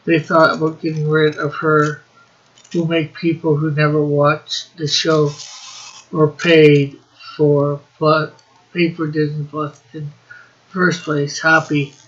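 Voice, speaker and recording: A man's voice: a little high, fairly bright tone, highs cut off. A man co-hosting a casual live stream, chatting and reading out viewer comments in a drawling way. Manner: reads out chat messages, drawling.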